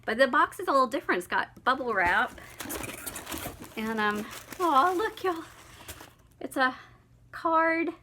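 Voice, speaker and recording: A young woman talks in a bright, somewhat high voice. She chats casually to her viewers, gushing and laughing easily as she goes. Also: expressive, measured pace, pauses often, slight background noise. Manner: gushing, chatty, laughs often. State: slightly out of breath after walking dog. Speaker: vlogger. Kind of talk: casual unboxing vlog.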